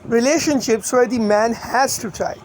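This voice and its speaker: A man's voice: extremely high pitch, normal speed, a little hiss or hum, low-quality recording. A man giving blunt, rambling online commentary, crude and opinionated.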